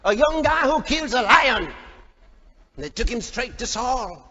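A male pastor preaches a fiery sermon in a very high, animated voice that swings widely. He shouts at peaks and acts out the voices in the story. The recording is dull and lo-fi, with a long hall echo and faint noise. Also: unhurried. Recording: echoey hall, dull lo-fi sound.

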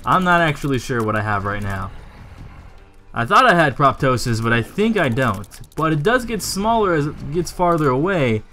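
A young man talking through his own gameplay in a slightly high, very animated voice that climbs into yelps when he gets annoyed. He jokes and swears at the game as he plays. Faint music sits under his voice. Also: moderate pace. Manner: excitable, swings into high yelps when irritated; jokey, swears, talks to the game. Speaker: gaming YouTuber. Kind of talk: let's play commentary.

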